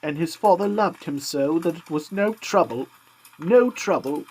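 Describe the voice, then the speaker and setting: A man's voice: a little high, measured pace, husky, voice pushed up, poor audio. Man voicing a tender grieving mother. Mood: steady. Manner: steady but tender. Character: worn, gentle grieving mother.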